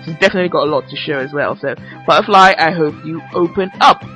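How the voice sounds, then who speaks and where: Young woman, podcast host, bright forceful voice, chatty, teasing, faint music behind. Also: low-pitched, fast, poor audio. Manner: chatty and teasing, laughs often. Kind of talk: casual solo podcast chat.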